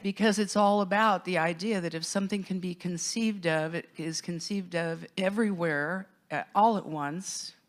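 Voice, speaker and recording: A woman speaks with a fairly low voice as she reminisces with enthusiasm. The tone is relaxed, like a panel of friends talking. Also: normal speed, hardly any pauses. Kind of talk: casual panel talk.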